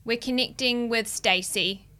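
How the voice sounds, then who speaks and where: A woman's voice: a little high, measured pace, clean tone. A young woman with a New Zealand accent, co-hosting a podcast in casual chat, telling stories dramatically with lots of swearing. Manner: animated, dramatic storytelling with frequent swearing and laughter. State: burnt out, emotional. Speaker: podcast co-host.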